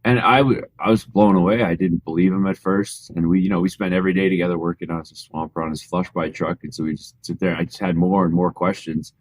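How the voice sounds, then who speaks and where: A young Canadian man from rural Alberta, a guest telling his story in a relaxed, modest way with frequent fillers. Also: low voice, fast, hardly any pauses. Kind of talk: casual interview storytelling.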